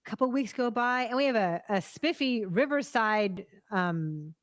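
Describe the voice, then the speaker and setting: A woman's voice: fairly high pitch, animated, moderate pace, no room sound. A woman co-hosting a live movie news stream, chatting casually and greeting viewers by name, with frequent ums.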